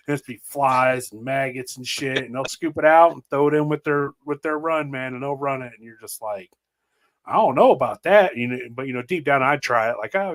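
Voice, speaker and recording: A man's voice: mid-range voice, a bit bright. A man hosting a podcast, chatting casually and telling rambling stories with frequent laughs. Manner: laid-back, rambling storyteller, laughs often. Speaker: podcast host. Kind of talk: casual chat.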